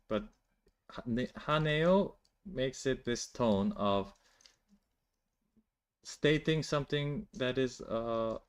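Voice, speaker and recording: A man teaching a language on a live stream, explaining in a loose, chatty way full of "like" and restarts and answering viewers' questions. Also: on the high side. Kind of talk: casual live-stream lesson.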